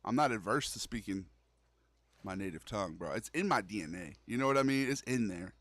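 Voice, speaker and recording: A man's voice: fairly low pitch, animated, brisk, fairly bright tone, dry recording. A young man streaming a horror game, chatting casually and loosely with his viewers, full of slang. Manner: loose, slangy, calls the audience "bro". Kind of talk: casual gaming livestream chat.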